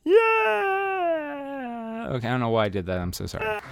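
A man's voice: on the low side, sing-song, rapid-fire, slight background noise. A man hosting a live comedy podcast, rambling and self-deprecating, laughing easily. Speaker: podcast host. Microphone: podcast mic.

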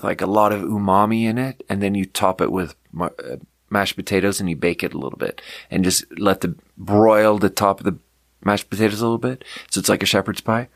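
A man's voice: lowish voice, dry recording, clean studio sound. A man hosting a podcast, rambling in casual chat with frequent laughs and casual swearing. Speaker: podcast host.

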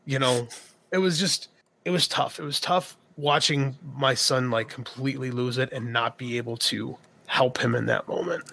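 Man, thirties, casual podcast chat, storytelling, mid-pitched voice. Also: moderate pace, vocal fry. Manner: storytelling, animated, quotes himself and his son. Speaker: podcast co-host.

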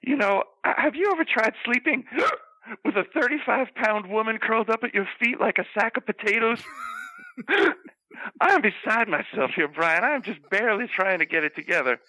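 A man's voice: sits high, animated, moderate pace, bright, forceful tone, no echo, low-quality recording. A man playing a hiccuping, gossipy old Southern belle. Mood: flustered. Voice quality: gasping hiccups between phrases. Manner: rambling, scandalous gossip with giggles. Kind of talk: comedic character bit.

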